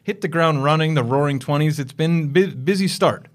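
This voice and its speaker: A man's voice: fairly high pitch, normal speed. A man chats on a casual real-estate podcast. He tells stories in a rambling way, full of restarts. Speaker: podcast co-host, realtor. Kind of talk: casual chat.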